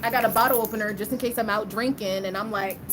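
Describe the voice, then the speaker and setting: A woman's voice: mid-range voice, steady tone, fast, noisy background. A woman in her twenties casually telling a story to the camera, laughing often and acting out the voices of the people in it. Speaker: vlogger.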